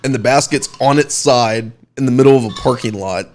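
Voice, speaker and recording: A man co-hosting a podcast, chatting casually and telling a lively story with lots of "like" and "you know". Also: mid-range voice, fairly quick, a little hiss or hum. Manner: lively, chatty, with many fillers and restarts. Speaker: podcast co-host.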